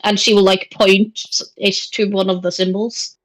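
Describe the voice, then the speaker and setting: Brief: woman player, middle pitch, hesitant and inquisitive in casual role-play. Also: level tone, normal speed.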